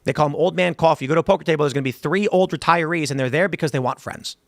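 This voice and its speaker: A man hosting a casual talk show, arguing quickly and reading out viewer comments. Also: on the high side, no room sound, studio quality. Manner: argumentative, fast, mock-quotes people in asides. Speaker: host.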